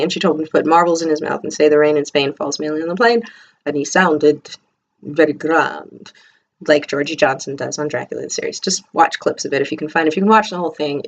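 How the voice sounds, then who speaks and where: Middle-aged woman, casual video diary, rambling and digressive; lowish voice, muffled lo-fi recording. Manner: chatty, rambling, digressive asides. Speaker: vlogger, teacher in training. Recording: slightly muffled lo-fi audio.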